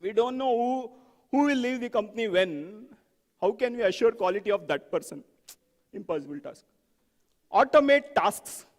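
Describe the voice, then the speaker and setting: Big-room acoustics surround a man delivering a lively software testing talk at a conference, where he quizzes the audience and acts out examples. He speaks at normal speed in a high voice, with long pauses.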